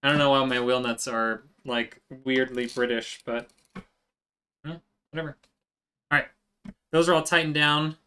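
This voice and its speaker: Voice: mid-range voice, fairly even intonation, a little slow, pauses often, pushed and bright, clear, resonant tone. A live streamer chatting casually with viewers while working, answering chat as they go.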